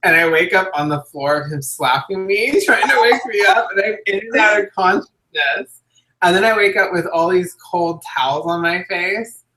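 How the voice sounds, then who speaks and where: Bright-voiced, animated woman in an echoey room. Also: on the low side, moderate pace. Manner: animated storyteller, laughs often. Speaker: co-host. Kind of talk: casual chat.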